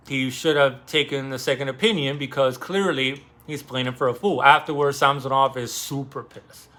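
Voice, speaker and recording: A man's voice: mid-range voice, moderate pace, sharp tone. A young man casually recapping a novel, rambling and swearing as he acts out the characters' lines. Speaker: book discussion host. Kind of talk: casual book summary.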